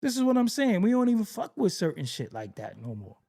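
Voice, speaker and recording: Middle-aged New man riffing in a loose comedic monologue, gravelly voice with lively pitch swings. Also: a little fast. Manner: animated storytelling, acts out exasperated voices, laughs often. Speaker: rapper talking on camera.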